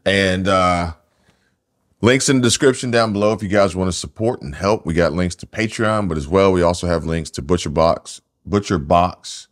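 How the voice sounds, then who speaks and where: A very deep-voiced man co-hosts a loose, casual podcast. He rambles, jokes and fills pauses with ums and uhs. There is no studio microphone, so it sounds homemade. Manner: rambling, jokey, many fillers. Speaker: podcast co-host.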